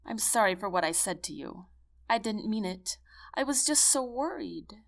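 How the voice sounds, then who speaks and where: A distraught soldier's wife talks in a soft, shaky, tearful voice, as a woman narrator reads her part. Her pitch moves lively up and down as she struggles to speak. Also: moderate pace, creaky.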